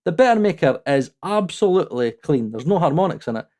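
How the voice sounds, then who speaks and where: A man's voice: a little high, sing-song, brisk, darkish tone. A man hosting his own audio-mixing channel, giving a blunt, heated, opinionated review, swearing freely and laughing at himself now and then. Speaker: mixing engineer and channel host.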